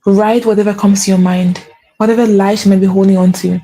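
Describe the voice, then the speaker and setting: A woman's voice: medium pitch, level tone, brisk, mellow, soft background music, poor audio. A woman giving an earnest spiritual pep talk as a faith coach, repeating key phrases for emphasis.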